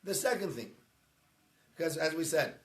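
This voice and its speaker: A man, a rabbi, giving an informal talk to his congregation, telling stories chattily and building to animated emphasis. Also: a little high, moderate pace. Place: synagogue hall. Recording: roomy echo.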